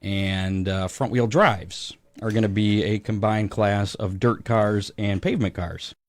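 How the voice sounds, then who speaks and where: A man's voice: fairly low pitch, fairly even intonation, unhurried, no echo. A man co-hosting a racing talk show, chatting casually with plenty of fillers. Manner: chatty and upbeat, lots of fillers. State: a little out of breath. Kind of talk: casual radio show chat.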